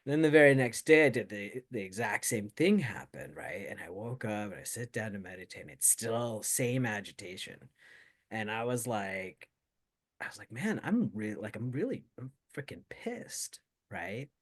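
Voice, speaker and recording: A man's voice: on the low side, moderate pace. A man talking in a casual, rambling way full of fillers, reflecting on his meditation practice as a show co-host. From United States. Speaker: co-host of a Buddhist talk show. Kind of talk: casual chat.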